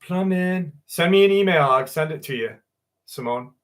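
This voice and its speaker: Guy wrapping up his live stream, bright slightly high voice, loose and swear-y. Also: expressive, normal speed, slight background noise. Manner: loose and chatty, swears and laughs easily. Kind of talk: casual sign-off chat with viewers.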